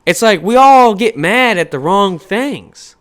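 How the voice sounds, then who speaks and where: Animated, profane man ranting. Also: high voice, slow, clean tone. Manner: profane, animated, rhetorical questions. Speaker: podcast host. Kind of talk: casual rant.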